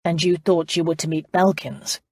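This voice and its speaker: An impatient, high-handed nobleman who barks orders and answers with dry sarcasm, as a woman narrator puts him on. The voice sits low and slightly husky. It is recorded close and dry in a storybook reading. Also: steady tone, normal speed, darkish tone, no echo. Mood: imperious. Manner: commanding, dry and sardonic. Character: arrogant impatient young duke, man.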